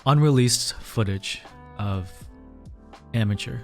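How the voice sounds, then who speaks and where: A man's voice: medium pitch, slow pace, a little mellow, faint music behind. A man streaming live from a small room, chatting casually and rambling to his viewers, a little out of breath. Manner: chatty, rambling, talks to chat as "fam".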